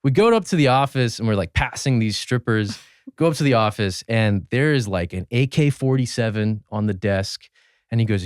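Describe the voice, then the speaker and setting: A man in his twenties, a podcast guest, telling relaxed anecdotes full of fillers and restarts. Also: mid-range voice, normal speed, clear, resonant tone, no echo, clean studio sound. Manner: relaxed, anecdotal, many fillers and self-corrections. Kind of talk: casual storytelling chat.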